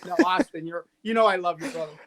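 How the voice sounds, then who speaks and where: A man's voice: high-pitched, fast talker, crowd noise. Joking man rambling on a video call. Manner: joking, rambling storyteller with many restarts. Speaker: guest friend calling in. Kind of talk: casual video-call chat.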